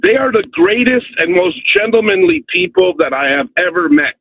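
A man's voice: very high voice, very animated, moderate pace, creaky, dry recording. A man from Canada calling in to a radio show, delivering an emphatic rant and repeating "okay?" to press his points. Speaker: caller. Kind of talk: phone-in rant. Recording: tinny phone line.

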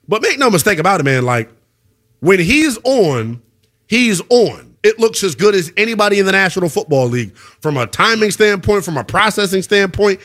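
A man's voice: on the high side, a bit bright. Emphatic male sports radio host. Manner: emphatic, conversational, calls people brother.

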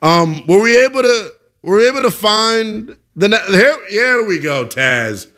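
A man's voice: high voice, moderate pace, fairly bright tone. A man hosting a sports talk radio show, joking and self-mocking as he takes calls and runs segments.

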